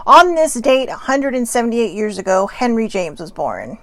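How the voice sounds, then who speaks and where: A woman's voice: a little high, big pitch swings, unhurried, hardly any pauses, fairly bright tone, no echo. A tired woman hosting her daily live video show from home on a personal mic, rambling chattily with lots of filler words and self-deprecating asides. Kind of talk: casual rambling morning chat.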